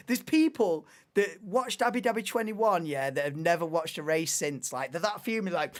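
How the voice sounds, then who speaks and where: A young woman hosting a live watchalong stream, chatting in a rambling, excitable way and laughing often. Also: on the low side, moderate pace, hardly any pauses. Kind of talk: casual live watchalong chat.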